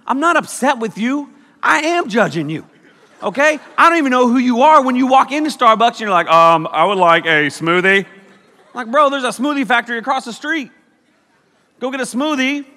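A young man delivers a jokey youth sermon, his high, bright voice leaping all over the place as he teases the crowd. The sound rings with the long reverb of a large church hall. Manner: joking, animated, teasing the crowd. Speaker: youth pastor. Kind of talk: comedic sermon.

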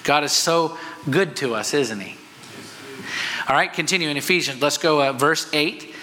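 A man's voice: fairly high pitch, normal speed, pushed and bright, big-room sound, low-quality recording. A male pastor giving a sermon. He explains things step by step and keeps checking in with the congregation by asking "okay?".

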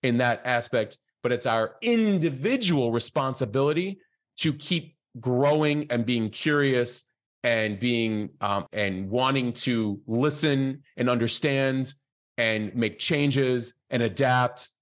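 A man as a podcast guest, telling a personal story in an animated, conversational way, with many fillers and quoted dialogue acted out. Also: medium pitch, slow.

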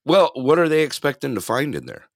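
A man's voice: mid-range voice, sing-song, a little fast, no room sound, studio quality. A man co-hosting a casual podcast chat who laughs often and keeps repeating his own catchphrases. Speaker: podcast co-host.

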